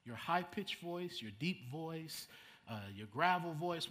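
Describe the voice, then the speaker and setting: A man's voice: high voice, animated, a little slow, sharp tone. A middle-aged man, preaching a sermon in a conversational way, repeating words and making asides to the congregation. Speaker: pastor.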